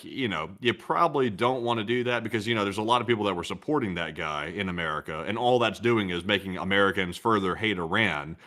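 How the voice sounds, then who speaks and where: A man with a bright, sharp tone and a lowish pitch reads out viewer questions at a rapid clip. His casual delivery trips over itself now and then, full of fillers. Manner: quick and slightly stumbling, with fillers. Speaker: co-host reading viewer questions. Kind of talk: casual live-stream commentary.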